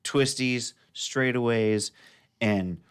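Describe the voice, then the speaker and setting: A man's voice: medium pitch, drawn-out words, smooth. Laid-back man telling a riding story. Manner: rambling, laughing storyteller. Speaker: radio show host and motorcyclist. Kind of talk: casual chat, storytelling.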